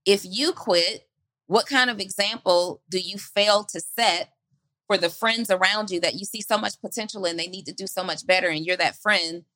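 Woman, motivational podcast talk, earnest rhetorical questions, bright forceful voice, dry close sound. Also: mid-range voice, moderate pace, dry recording.

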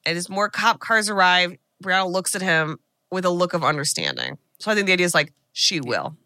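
A woman's voice: on the low side, very animated, fairly quick, bright, forceful tone, no echo. A woman podcast co-host casually retelling a movie plot and chatting. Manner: retells a film plot with quoted voices. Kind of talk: casual chat.

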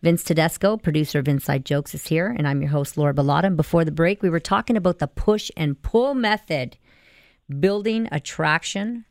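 A woman hosting a radio dating talk show, chatty and quick to jump in. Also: low voice, dry recording, clean studio sound.

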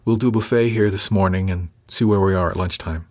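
A man voicing a gruff, quiet middle-aged male ship's steward. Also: low-pitched, a little fast, close to an everyday voice.

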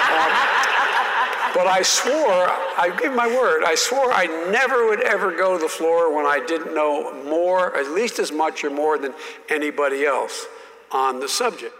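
A man's voice: a little high, moderate pace, fairly bright tone, long reverb tail. An older man telling stories as an interview guest, with frequent restarts and repeated words. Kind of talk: storytelling in an interview.

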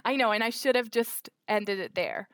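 A woman's voice: on the high side, no room sound. Chatty woman retelling a story, dry sound. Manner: animated, fast retelling with many fillers and quoted dialogue. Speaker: anonymous guest. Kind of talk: personal storytelling in a podcast interview.

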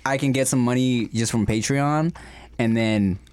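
A man's voice: medium pitch, measured pace, darkish tone, clean tone. A man co-hosting a casual podcast over food, talking in a laid-back, profane, slangy way. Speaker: podcast co-host.

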